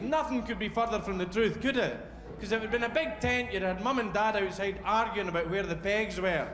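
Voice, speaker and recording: A Scottish man doing a loud, jokey stand-up set at a live event. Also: high voice. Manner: fast, shouty and jokey. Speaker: stand-up comedian. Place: large live venue with crowd. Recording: echoey hall with loud crowd.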